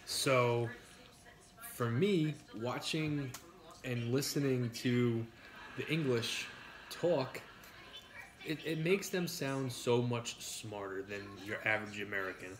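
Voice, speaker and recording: A man's voice: mid-range voice, slow pace. Joking New York man, middle-aged. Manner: joking, rambling, lively. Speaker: mukbang host. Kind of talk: casual chat while eating.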